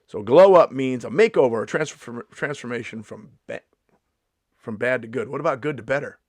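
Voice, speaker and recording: A man's voice: mid-range voice, moderate pace, darkish tone, slightly rough, no room sound. Man in his fifties, comedian, sarcastic rant, swears freely, mock-indignant, dry close sound. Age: 50s. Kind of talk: comedic vlog monologue.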